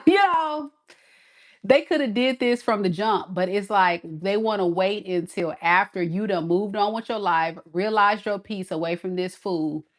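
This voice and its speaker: Slow, sassy tarot-reading woman. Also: mid-range voice. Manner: sassy, emphatic, talks straight to viewer. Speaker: tarot reader.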